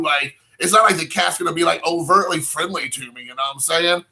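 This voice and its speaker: A young man spins a long personal story in a loose, rambling way, with "like" in nearly every sentence. His voice sits a touch high and rings very bright and sharp, and he slips into quoted dialogue as he goes. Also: brisk, gravelly. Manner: rambling, heavy use of "like" fillers, quoting himself and others. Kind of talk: casual anecdote storytelling.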